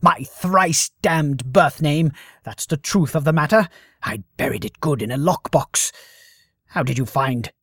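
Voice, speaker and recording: A man's voice: a little high, huge pitch swings, measured pace, no echo, studio quality, pitched above the performer's own voice, full character voice. A man voicing an indignant, flowery male playwright who talks in theatrical, archaic phrases.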